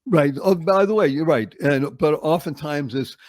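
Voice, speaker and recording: Man in his 70s, from Boston, interview guest, expressive storyteller, slightly high pitch. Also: dry recording. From Boston, United States. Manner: expressive, with dramatic slow-downs and acted-out quotes.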